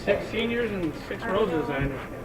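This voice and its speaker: A man's voice: high-pitched, animated, moderate pace, a loud crowd. A man speaking as a bowling coach at a team ceremony, folksy and joking. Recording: crowded bowling alley from far off.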